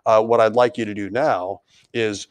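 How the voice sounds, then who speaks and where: A man's voice: lowish voice, steady tone, normal speed, dry recording. A man teaching a beginning band lesson, patiently explaining and counting beats aloud. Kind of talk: instructional music lesson.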